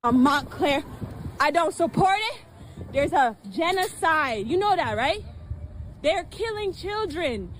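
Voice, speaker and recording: A young woman protests on a city street, insistent and agitated, with a high voice that swoops up and down. The phone video picks up loud street noise and traffic around her. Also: lively intonation, slow pace. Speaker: street protester in a viral clip.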